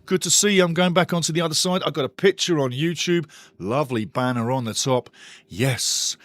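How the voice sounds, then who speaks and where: A man hosting a live football watch-along stream, chatty and excitable as he greets his chat and reads out the lineups. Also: fairly high pitch, a little fast, no room sound. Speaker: watch-along show host.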